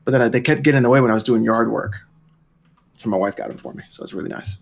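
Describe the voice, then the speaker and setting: A man co-hosting a casual gaming podcast, teasing the chat with slow, drawn-out jokes, talking into wireless earbuds. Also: mid-range voice, vocal fry. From Florida, US. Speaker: podcast co-host.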